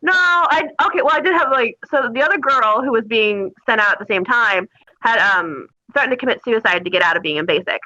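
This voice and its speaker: A woman's voice: on the high side, brisk, dull audio. A woman guest telling crude, funny stories in a casual interview, laughing as she goes. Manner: animated, laughing, crude humor.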